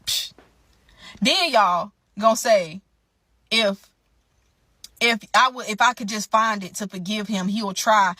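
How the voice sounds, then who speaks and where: Indignant woman telling her story, bright voice. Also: medium pitch, unhurried, long pauses, no room sound. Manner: animated, indignant, addresses listeners as y'all. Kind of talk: emotional storytime monologue.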